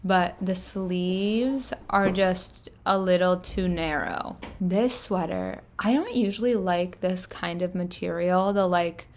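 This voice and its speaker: A woman's voice: on the low side, lively intonation, slow pace, hardly any pauses. A young woman casually narrating her thrift-shopping trip, chatty and enthusiastic, with plenty of filler words. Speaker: fashion vlogger. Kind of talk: casual thrift-haul voice-over.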